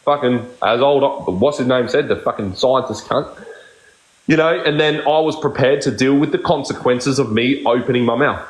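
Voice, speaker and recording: A man's voice: medium pitch, normal speed. Blunt swearing man in echoey room. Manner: blunt, swears constantly, repeats himself. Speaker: live stream host. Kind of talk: heated casual chat.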